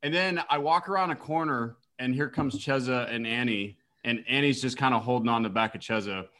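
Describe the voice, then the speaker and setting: A man chatting on a podcast, recounting a story with lively energy. He acts out what people said and his voice leaps high for each quote. His everyday voice sits in the middle of the range. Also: fairly quick. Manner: animated, acts out quotes with big pitch jumps. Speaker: podcast co-host. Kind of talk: casual storytelling chat.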